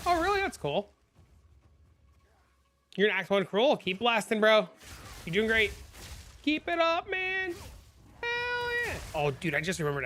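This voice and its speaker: At his home desk microphone, a high-pitched man livestreams a game, casually chatting with viewers, responding to chat and spinning animated stories.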